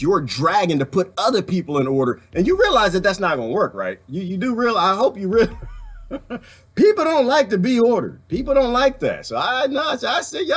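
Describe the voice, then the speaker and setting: A man talking casually to his viewers about politics, animated, often breaking into laughter and repeating his phrases. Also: fairly high pitch, breathy edge. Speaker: vlogger.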